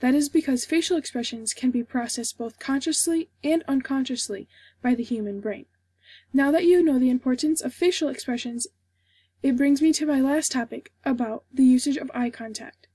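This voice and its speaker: A young woman, a student, reading out a formal informative speech for a class in a steady, scripted way. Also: high voice, moderate pace, slightly rough, no echo.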